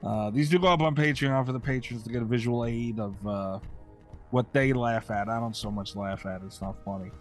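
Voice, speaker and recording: A man co-hosting a podcast in casual chat, grumbling and deadpan, swearing often. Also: mid-range voice, normal speed, soft background music. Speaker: podcast co-host.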